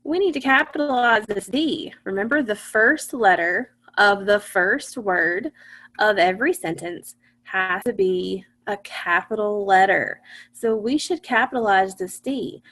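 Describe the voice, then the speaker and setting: A woman's voice: mid-range voice, unhurried, a bit bright. A woman teaching an online phonics lesson, patiently asking her class questions and then answering them herself.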